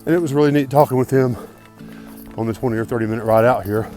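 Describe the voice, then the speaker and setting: Filming himself on a handheld phone while out on a mountain trail, a male thru-hiker chats to camera quickly in a mid-range, darkish voice. His mood is upbeat and grateful, the talk casual vlog chatter, and the low-quality recording carries faint background music.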